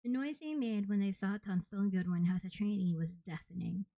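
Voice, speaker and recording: A woman narrating an audiobook in the first person with steady, plain storytelling. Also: mid-range voice, brisk, gravelly, dry recording, rough recording. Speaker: audiobook reader.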